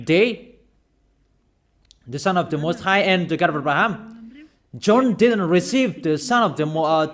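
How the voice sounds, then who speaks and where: A man with a rather high-pitched voice delivers a stern sermon. He admonishes his listeners emphatically, pausing between phrases and pressing them with rhetorical questions. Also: a bit bright. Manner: admonishing, emphatic, slow deliberate phrasing with pauses. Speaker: preacher.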